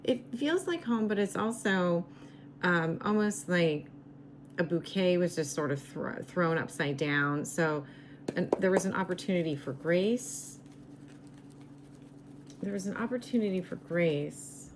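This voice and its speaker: A woman reading tarot cards in a slow, musing way, her voice going raspy as she loses it. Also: lowish voice, expressive, noisy background. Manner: slow, musing, repeats herself. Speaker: tarot reader.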